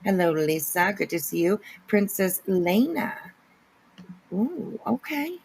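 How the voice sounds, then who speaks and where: A woman's voice: medium pitch, big pitch swings, slow, vocal fry, a little mellow, slight background noise, rough recording. A woman hosting a casual livestream, greeting chatters by name with giggly asides. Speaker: livestream host. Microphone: no camera, voice only.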